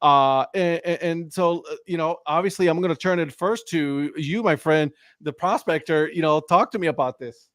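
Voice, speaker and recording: A man's voice: fairly high pitch, moderate pace, fairly bright tone, dry recording, clean studio sound. A man hosting a casual sports talk stream, rambling loosely with lots of fillers and "right?" tags. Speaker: show host. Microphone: live stream mic.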